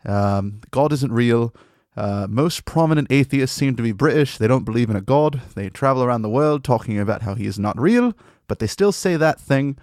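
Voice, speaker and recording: A man rambles through a comic monologue in a deliberately fake British accent, sounding mock-formal and absurd. His voice sits at an ordinary middle pitch. The sound is close and dry, with no room around it. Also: lively intonation, a little mellow, no echo. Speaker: comedy podcast host.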